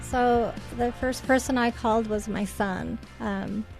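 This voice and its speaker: Halting, tearful middle-aged woman. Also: a little high, fairly even intonation, gravelly, a little mellow, soft background music. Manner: tearful, halting, many fillers. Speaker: guest. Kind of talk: emotional personal story.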